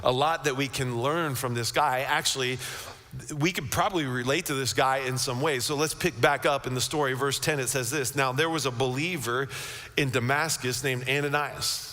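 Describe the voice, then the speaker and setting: A man preaching a sermon as pastor, telling the story in an animated way with frequent restarts and repeated words. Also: medium pitch, normal speed. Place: church sanctuary. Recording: long church hall reverb.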